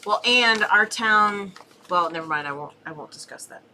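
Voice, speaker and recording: A woman's voice: medium pitch, expressive, normal speed, sharp tone, slight background noise. A middle-aged woman co-hosting a homesteading channel, chatting casually and reading viewer questions aloud. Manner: conversational, interjecting with short agreements.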